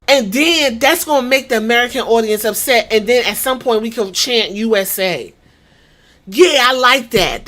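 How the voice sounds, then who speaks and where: A woman's voice: a little high, sharp tone. A woman from New York with a New York accent, hosting a podcast and giving blunt, profane commentary in a rant. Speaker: podcast host. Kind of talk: casual commentary.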